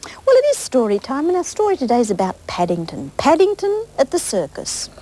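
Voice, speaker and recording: A woman with an Australian accent presenting a children's TV show, singing and reading a story aloud with gentle, coaxing questions to the children. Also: high voice, huge pitch swings, a little fast, low-quality recording. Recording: 1980s TV broadcast with faint music.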